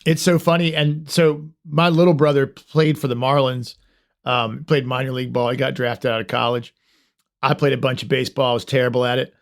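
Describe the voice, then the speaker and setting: A man's voice: medium pitch, little pitch movement, brisk, vocal fry. A man hosting a podcast in casual, joking, self-deprecating chat. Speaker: podcast host.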